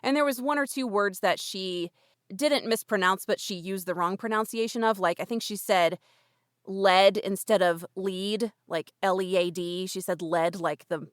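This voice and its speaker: A woman's voice: medium pitch, moderate pace, no echo, studio quality. Chatty young woman podcast co-host. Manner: chatty, laughs often, frequent "like" and "um". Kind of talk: casual chat.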